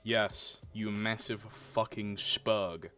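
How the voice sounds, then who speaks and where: A man's voice: lowish voice, fairly even intonation, extremely slow, bright, forceful tone, clear, resonant tone, soft background music. Sarcastic, swearing man. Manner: sarcastic, blunt, swears a lot. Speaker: reaction video host. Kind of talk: reaction commentary.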